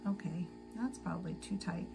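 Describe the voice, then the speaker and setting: A tired woman hosting a casual sewing livestream, chatting slowly to viewers and to herself as she works. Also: fairly low pitch, creaky, music in the background, rough recording. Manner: slow, chatty, talks to herself while working. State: tired and sleepy.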